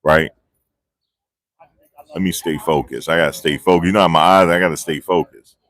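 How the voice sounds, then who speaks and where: Rambling man with a low, dry voice. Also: normal speed, dry recording. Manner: rambling and excitable, loses his train of thought. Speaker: vlogger reporting on a trial. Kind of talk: live casual street commentary. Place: outdoors outside a courthouse. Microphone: phone on a handheld gimbal.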